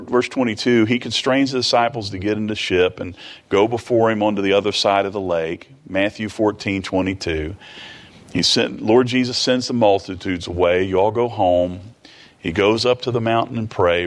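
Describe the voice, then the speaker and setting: A man preaching a sermon in a conversational way, retelling a scripture story with quick asides and restarts. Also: fairly low pitch.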